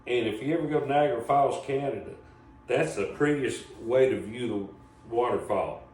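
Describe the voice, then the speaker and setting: A man's voice: medium pitch, moderate pace, a little mellow. Folksy man telling a story. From Southern Appalachia, US. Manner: folksy, rambling, chuckles through the story. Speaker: comedy show host. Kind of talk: casual storytelling. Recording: echoey room, voice from a distance, faint background noise.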